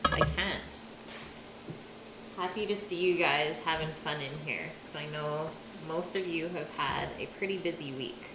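Woman streamer cooking at home, slow and chatty; echoey kitchen, loud pot clatter. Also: sits low, background noise. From Canada. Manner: chatty, reads and answers viewer chat while cooking. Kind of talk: live-stream cooking chat. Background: clattering pots, pans and dishes.

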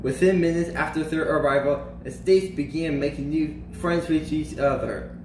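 Male storybook reader, animated delivery with slowed emphasis, voice on the higher side, echoey room with faint hiss. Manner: animated, slows and lifts pitch for emphasis and character lines. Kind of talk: children's storybook read-aloud.

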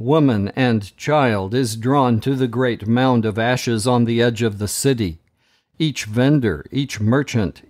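A man hosting a podcast, reading a story chapter aloud in a dramatic, measured way. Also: mid-range voice. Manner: slow, measured and dramatic, with raised voices for quoted shouts.

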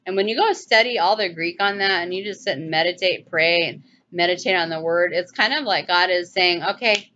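A woman with a lowish voice teaches scripture in a loose, animated way, doubling back on her words and breaking into sudden exclamations. The sound is dull and lo-fi, like a home recording. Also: fairly quick, hardly any pauses, a little hiss or hum. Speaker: bible teacher. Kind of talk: casual bible teaching video.

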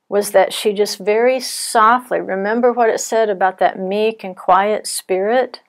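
A middle-aged woman teaches in an earnest, measured way, her voice sitting at an ordinary pitch with a gravelly, fry-edged texture. She tells stories as she goes, and her speech stays calm and deliberate. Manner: earnest, measured, softens for quoted fears. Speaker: Bible teacher.

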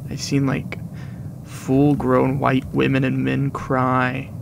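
Gravelly, slow-talking gaming commentator. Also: mid-range voice, monotone, background noise. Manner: rambling, muttering asides, drops to whispers. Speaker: gaming video creator. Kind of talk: casual gameplay commentary.

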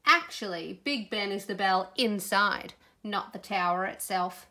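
A woman's voice: mid-range voice, a little slow, sharp tone. A woman voicing a clever little boy elephant in a storybook, who speaks in a correcting, matter-of-fact way. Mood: know-it-all.

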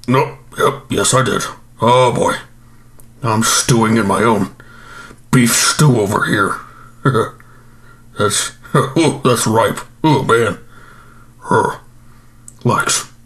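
A man's voice: lowish voice, a bit bright. A man playing an overstuffed, self-pitying male supervillain in an improvised comedy monologue, groaning and rambling about his regrets.

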